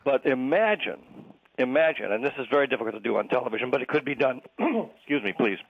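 A man's voice: mid-range voice, sing-song, fast, gravelly, slightly rough, muffled recording. A man appearing as a guest on a political talk radio show, speaking in a blunt, opinionated, wry way.

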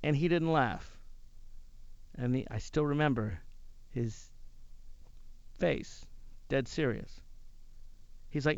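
A man who hosts talk radio, telling a personal story in an animated way. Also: mid-range voice, slow pace, pauses often, no echo, dull audio. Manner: animated, acts out other people's lines.

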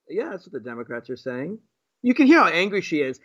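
A man from Virginia hosts sarcastic live political commentary, firing off mocking rhetorical questions. His pitch swings widely and his tone is bright and sharp. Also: very animated, quick pace. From Virginia, USA.

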